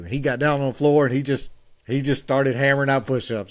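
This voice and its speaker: A man in his forties, a podcast co-host, telling a story in a halting way with many fillers and restarts. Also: medium pitch, fairly even intonation, no echo, clean studio sound.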